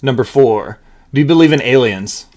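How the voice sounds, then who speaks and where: A man's voice: mid-range voice, lively intonation, darkish tone. A man from Nashville, hosting a podcast interview in an easygoing, laughing manner. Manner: easygoing, laughs often, quick questions. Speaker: podcast host. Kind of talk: casual interview chat.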